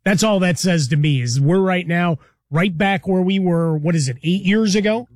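Male co-host, high-ish voice, laid-back, rambling, dry studio sound. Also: normal speed, no echo. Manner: relaxed, rambling, uses folksy analogies. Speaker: sports talk show co-host. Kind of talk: conversational sports radio analysis.

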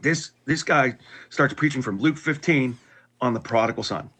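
Casting: middle-aged man with a husky voice, candid and unpolished, sharing a hard personal story. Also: medium pitch, normal speed, a bit bright. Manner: candid, with frequent restarts and wry laughs. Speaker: guest telling his conversion story.

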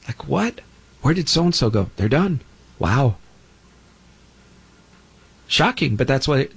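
A man's voice: mid-range voice, slightly rough. A middle-aged man hosting a show, talking in an emphatic, preachy monologue and mocking imagined objectors in put-on voices. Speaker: show host. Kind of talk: opinionated monologue.

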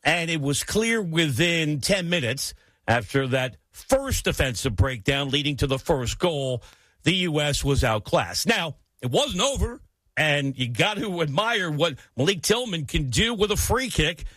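A man's voice: fairly high pitch, measured pace, no echo, clean studio sound. A man from the United States hosting sports talk radio, giving emphatic, opinionated commentary on a match. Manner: emphatic, opinionated, animated delivery.

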